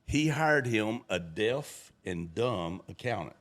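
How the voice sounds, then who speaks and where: Folksy man telling animated stories. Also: on the low side, slow pace. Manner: acts out voices in his stories. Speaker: guest storyteller. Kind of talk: casual storytelling.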